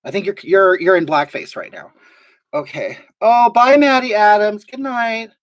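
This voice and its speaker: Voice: medium pitch, expressive, moderate pace, lightly acted. A performer playing a brash, gossipy woman livestreamer who rambles and gets indignant while reading chat aloud, in a live comedy stream. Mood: rambling. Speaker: livestream host.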